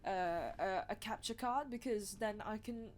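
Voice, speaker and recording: A woman's voice: mid-range voice, moderate pace. A young woman streaming live, chatting casually in a rambling, self-deprecating way.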